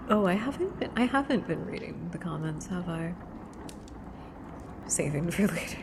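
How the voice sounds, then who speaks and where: A woman streamer chatting between horror story readings, mostly whispering into a close microphone, excitable and drifting between a whisper and soft speech. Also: fairly low pitch, moderate pace, creaky, long pauses, background noise. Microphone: close mic right in front of her.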